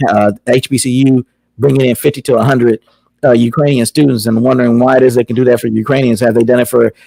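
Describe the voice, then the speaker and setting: Gravelly-voiced man hosting a talk show. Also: medium pitch, fairly even intonation, quick pace, dark tone, no echo, low-quality recording. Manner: rambling, conversational, with filler words. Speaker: podcast host. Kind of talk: casual call-in talk show.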